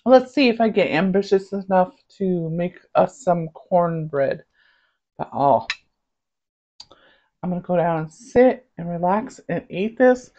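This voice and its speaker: A woman's voice: on the low side, animated, unhurried, mellow, lo-fi sound. A woman with a light Southern US accent, chatting casually as a cooking vlogger, rambling and savoring food aloud.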